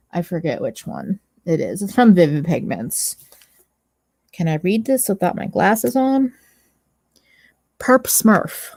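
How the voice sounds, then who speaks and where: A woman's voice: fairly low pitch, vocal fry, a little mellow, no echo. A woman chatting casually on a makeup livestream, rambling and correcting herself as she goes. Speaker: co-host of a beauty livestream. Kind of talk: casual chat about makeup.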